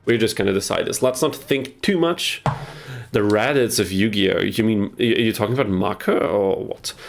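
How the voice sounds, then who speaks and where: A man's voice: on the low side, normal speed, gravelly, faint music behind. A young man casually chatting on a live game stream, answering chat as he plays, on a headset mic. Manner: chatty, reads and answers chat while playing.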